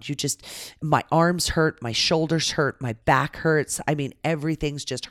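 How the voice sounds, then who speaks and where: A woman guest casually telling a travel story in a dramatic, animated way, swearing freely. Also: deep voice, normal speed, few pauses, dry recording, clean studio sound. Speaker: podcast guest.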